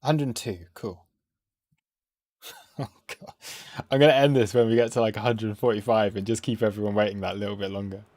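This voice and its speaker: A man's voice: lowish voice, fairly even intonation, a little fast, pauses often, a little mellow, dry recording. A man hosting a casual live stream about crypto trading, rambling and self-mocking as he reads the chat aloud.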